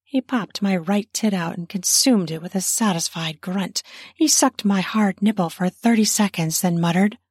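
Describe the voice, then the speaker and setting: A woman narrates an erotic story in the first person, her mid-range voice soft and breathy and occasionally sinking to a whisper. She keeps a moderate pace, and there's no room sound.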